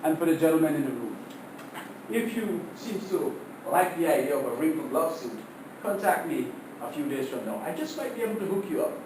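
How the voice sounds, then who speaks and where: Animated man giving a funny class speech. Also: on the high side, fairly quick, echoey room, recorded from a distance, very noisy. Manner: animated storyteller, laughs at his own jokes. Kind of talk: prepared humorous speech.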